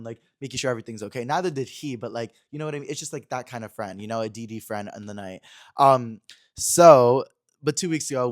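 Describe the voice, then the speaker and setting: Gossipy young man spilling a story. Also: medium pitch. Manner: gossipy, animated, with slang and many fillers. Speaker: podcast host. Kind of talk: casual storytelling chat. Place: Los Angeles.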